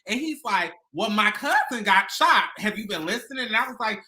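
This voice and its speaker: Her mid-range voice runs a little fast as she co-hosts a casual chat show. She laughs often while telling stories in a lively way.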